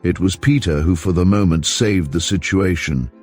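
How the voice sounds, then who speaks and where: A male audiobook narrator with a very deep voice, telling the story in a measured, steady way. Soft music plays faintly underneath.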